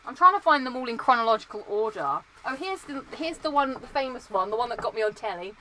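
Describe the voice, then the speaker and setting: A young woman from Britain chatting casually and excitably, looking through old belongings and coughing now and then from dust. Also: fairly high pitch, quick pace, a little hiss or hum, poor audio. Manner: chatty, excitable, sings entrance themes. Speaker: vlogger. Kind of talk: casual chat.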